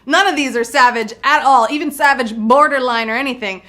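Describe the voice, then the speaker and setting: Hosting a live trivia show, this young woman keeps things bubbly with puns and playful banter. She speaks fairly quickly in a high, sharp-toned voice.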